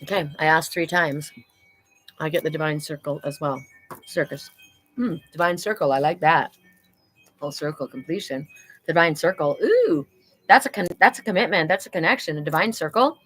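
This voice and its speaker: A woman's voice: sits low, moderate pace, faint music behind, rough recording. Earnest woman giving spirit card readings. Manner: enthusiastic, relays spirit messages in soft earnest tones. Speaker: oracle card reader.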